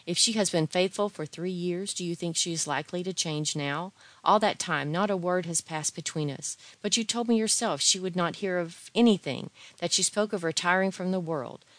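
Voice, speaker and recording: An earnest young man who argues and pleads with fervor, as a woman reading a storybook puts him on. She keeps her voice low for a woman. The recording is dry and close. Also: normal speed, hardly any pauses, a bit bright, dry recording, natural voice. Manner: fervent, pleading.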